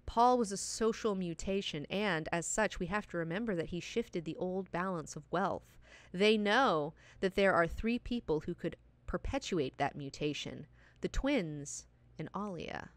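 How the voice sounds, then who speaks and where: A woman reading the lines of a calm, shrewd princess aloud from a novel in a measured tone. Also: lowish voice, no echo, close to an everyday voice. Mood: thoughtful. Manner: read aloud from a book in a measured tone. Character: calm shrewd princess analyzing power and wealth.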